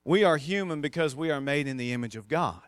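A man's voice: on the high side, animated, fast, smooth, no room sound, studio quality. A male pastor preaching a sermon in a conversational, emphatic way, with casual asides.

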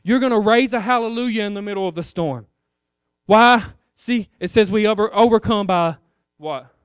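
A man's voice: high-pitched, moderate pace, smooth, no echo, clean studio sound. A man preaching an informal sermon in a conversational way, firing rhetorical questions at the congregation.

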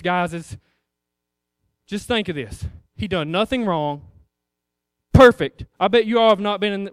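High-voiced preacher asking questions. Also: male voice, clean tone, no room sound, studio quality. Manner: conversational, rhetorical questions, addresses the congregation as guys. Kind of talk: informal sermon.

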